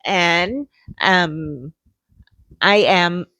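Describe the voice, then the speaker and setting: A woman from Thailand with a Thai accent, a native Thai speaker, co-hosting a casual podcast chat in a soft, halting way as she searches for words. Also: lowish voice, dry recording. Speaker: podcast co-host.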